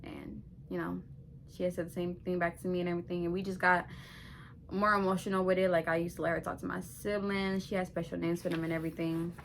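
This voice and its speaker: A young woman vlogger telling a personal story in a casual, animated way, full of slang and swearing. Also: on the low side, fast talker, creaky, a little hiss or hum.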